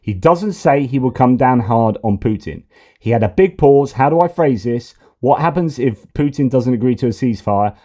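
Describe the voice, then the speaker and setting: A man's voice: medium pitch, lively intonation, normal speed, mellow. A man giving sarcastic, exasperated political commentary, often repeating himself. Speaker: news commentator.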